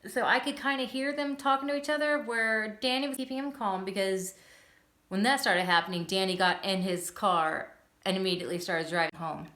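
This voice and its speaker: A woman's voice: mid-range voice, moderate pace, bright, forceful tone. A woman in her thirties, speaking casually to her camera at home. She tells a personal story in a chatty, upbeat way and laughs often. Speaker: vlogger sharing her epilepsy journey. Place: living room at home. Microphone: phone or camera on a stand. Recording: roomy home echo.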